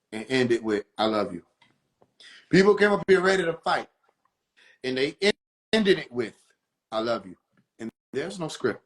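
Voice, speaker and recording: A man hosting a live stream, giving casual spiritual teaching in a preachy way, repeating his points and putting questions to his viewers. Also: fairly high pitch. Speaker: livestream host.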